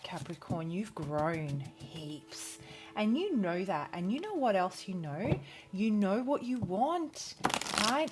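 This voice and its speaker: An Australian woman talks through a tarot spread in a relaxed, chatty vlog. She speaks slowly, and her pitch rises and falls a lot. A steady hiss and the clicks of shuffled cards sit under her voice. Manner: chatty, enthusiastic, self-interrupting. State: out of breath. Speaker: tarot reader. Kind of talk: casual tarot reading vlog.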